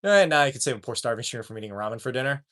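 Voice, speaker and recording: A man's voice: medium pitch, racing. A man chatting casually with his live-stream audience, joking and swearing often. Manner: profane, animated, joking.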